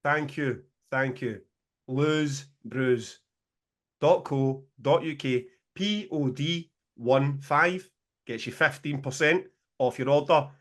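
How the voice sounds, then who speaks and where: A Scottish man co-hosting a casual podcast, telling stories in an animated, sweary way and laughing often. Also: mid-range voice, takes it slowly. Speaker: podcast co-host, promoter.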